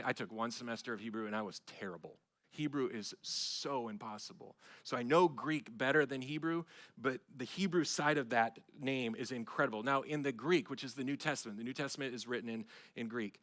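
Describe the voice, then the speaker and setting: A middle-aged man, a pastor, preaching a sermon with emphatic swells of loudness on key phrases. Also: mid-range voice. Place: church sanctuary.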